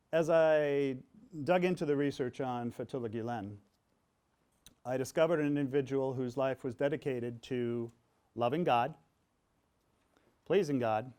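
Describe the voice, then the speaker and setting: A man's voice: medium pitch, a little slow, long pauses, clean tone. Middle-aged male speaker at a public talk, resonant voice, storytelling manner with humorous touches. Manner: warm storytelling, humorous asides, quotes with rising emphasis. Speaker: author and pastor in conversation. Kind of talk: public talk before an audience. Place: event hall with audience.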